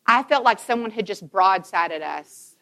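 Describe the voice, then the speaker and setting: Bright-voiced woman speaker, emphatic storyteller. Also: medium pitch, measured pace. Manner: emphatic and animated, acting out dialogue. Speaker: conference speaker to mothers. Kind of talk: Christian conference talk, personal storytelling.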